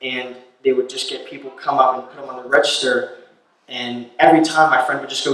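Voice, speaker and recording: A man performing a stand-up comedy set, telling a long story and building to loud, incredulous rants. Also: medium pitch, level tone, a little fast, far from the mic. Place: live comedy venue. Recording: very echoey room, voice from off-mic.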